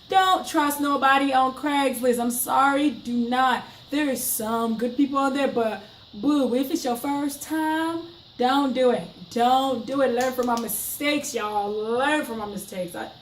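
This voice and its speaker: Young woman vlogger, higher voice, emphatic storyteller; roomy room, mic set back. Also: moderate pace, recorded from a distance, a little hiss or hum. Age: young adult. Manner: chatty, emphatic, dramatic retelling. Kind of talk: casual storytime monologue.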